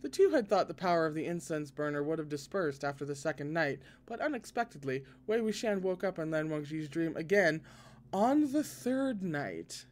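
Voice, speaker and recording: A man reading a novel aloud expressively, now and then breaking in with excited asides. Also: on the high side, normal speed. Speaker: podcast reader.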